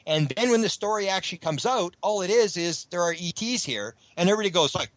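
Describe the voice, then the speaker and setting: A man's voice: high-pitched, animated, fast talker, no echo, rough recording. A man being interviewed on a radio show, talking at length in a rambling way with many restarts. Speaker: guest researcher.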